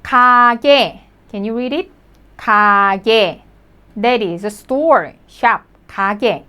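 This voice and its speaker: Woman, language teacher, slightly high voice. Patient, repeats each word slowly so learners can follow. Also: pushed and bright, smooth. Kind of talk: language lesson.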